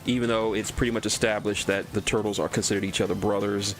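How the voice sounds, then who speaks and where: A man's voice: fairly low pitch, little pitch movement, fast talker. A man from Texas streaming a game, rambling through cartoon trivia, often stumbling and repeating words and swearing casually. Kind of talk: casual gameplay commentary.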